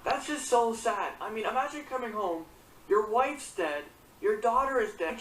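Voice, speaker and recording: A woman's voice: a little high, lively intonation, moderate pace, a bit bright, a little hiss or hum. A woman retelling a crime story in casual vlog commentary, indignant and blunt, swearing often. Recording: echoey room, far from the mic.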